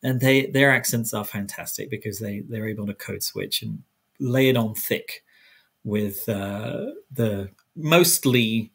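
A man's voice: on the low side, a little slow, breathy edge. A man from South London, his accent blended with American, answering interview questions in a chatty, rambling way with many restarts. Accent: South London English mixed with American. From South London, England. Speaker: guest historian.

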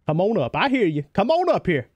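A young North Carolina man with a Southern twang livestreams a shooter game and chats with his viewers. His high voice is fairly quick and excitable, he reacts loudly to the game, and there's slight background noise.

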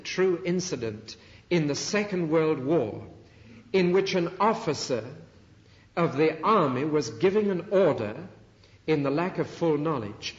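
A middle-aged man preaching a sermon, earnest and emphatic, with dramatic pauses. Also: on the high side. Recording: dull archival sermon recording in a reverberant hall.

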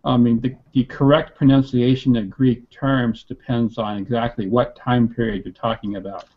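A man in a casual online study group who explains points in a measured way over a video call. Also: medium pitch, steady tone. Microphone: computer mic on video call. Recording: dull lo-fi call audio.

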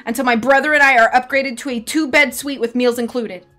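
A woman's voice: high voice, steady tone, brisk, sharp tone. A woman doing a theatrical young ghost hunter. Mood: grandstanding. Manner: theatrical and grandstanding. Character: dramatic, pushy young male ghost hunter.

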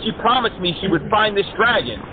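Brief: high-pitched male prankster, mocking and profane, tinny phone audio. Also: big pitch swings, a little fast, a crowd in the background. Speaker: scam baiter.

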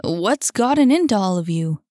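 A woman voicing a steady young man who calms the others down. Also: medium pitch, moderate pace, no room sound, clean studio sound, lightly acted.

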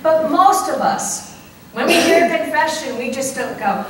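Slow-preaching woman priest in echoey church. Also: sits high, expressive, noisy background. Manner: conversational preaching, slow and deliberate with playful asides. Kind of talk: sermon. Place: church sanctuary. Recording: echoey church heard from a distance.

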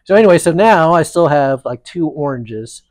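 A man casually telling a long story on a podcast, animated and rambling with frequent restarts. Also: fairly high pitch, normal speed, no echo, studio quality. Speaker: podcast co-host.

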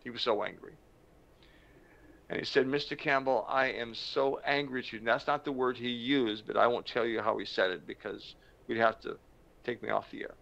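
Gravelly-voiced man telling a story. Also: on the low side, fairly even intonation, fairly bright tone. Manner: slow, dramatic storytelling with emphatic pauses. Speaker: motivational speaker. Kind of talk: storytelling talk to camera. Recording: dull lo-fi sound.

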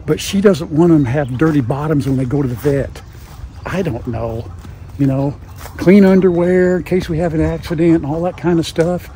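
A man's voice: a little high, normal speed, dark tone, a little hiss or hum. An older man hosting a casual farm vlog in a folksy, chatty way, recorded on a lapel mic. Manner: folksy and chatty, talks sweetly to dogs. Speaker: farm vlogger.

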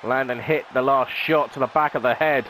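A man's voice: mid-range voice, fairly even intonation, moderate pace, a bit bright, a faint crowd, slight background noise, low-quality recording. A man, a gaming channel host, calling a video game wrestling match play-by-play in a dramatic announcer style with rhetorical questions.

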